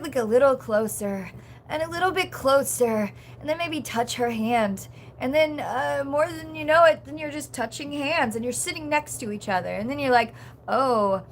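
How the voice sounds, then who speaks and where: A woman's voice: high voice, a little hiss or hum. A young woman chatting casually on a livestream, rambling with lots of "like" and "um" and reading chat comments aloud.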